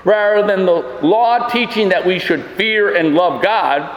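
A man's voice: a little slow, dull audio. A male pastor preaching a sermon, emphatic with wry asides. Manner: emphatic, rises in pitch on fearful lines, wry asides. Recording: echoey church hall.

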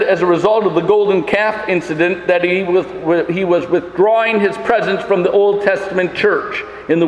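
Male pastor, high voice, emphatic sermon delivery, echoey church hall recording. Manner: emphatic preaching with rhetorical questions. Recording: echoey hall with long reverb.

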